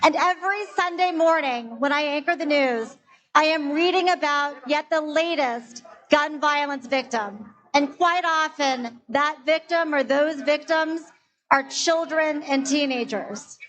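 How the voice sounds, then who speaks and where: A woman who works as a TV news anchor, giving an earnest and measured speech at a rally. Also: high-pitched, a bit bright, poor audio. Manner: earnest, measured public speaking. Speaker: TV news anchor and guest speaker. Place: outdoor rally.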